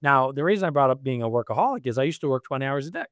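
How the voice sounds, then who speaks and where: A middle-aged man talking as a guest in a casual interview, animated and quick to laugh, acting out his own quoted lines. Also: mid-range voice, no echo, clean studio sound. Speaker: podcast guest, executive coach.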